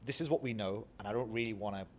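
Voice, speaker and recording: A middle-aged Northern English man from Bradford tells life stories in an interview. His voice sits low, and he acts out the people he quotes. Faint background noise runs under the recording. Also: quick pace, darkish tone. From Bradford, England. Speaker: guest. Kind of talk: reflective storytelling interview.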